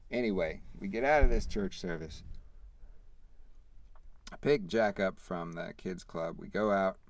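A man in his thirties hosting a podcast, telling a family story in a rambling, animated way, acting out the quoted dialogue. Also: low-pitched, unhurried. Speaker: podcast host. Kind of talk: casual storytelling.

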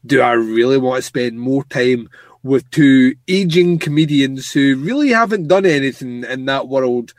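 A man's voice: medium pitch, expressive, measured pace, no room sound. Blunt, teasing man, dry sound. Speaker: podcast co-host. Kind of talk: casual chat about movies.

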